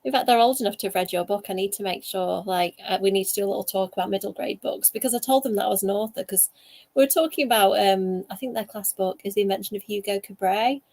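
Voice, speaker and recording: A woman author chatting over a video call, animated and laughing as she tells stories. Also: medium pitch, fast. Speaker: guest author. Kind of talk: casual video chat.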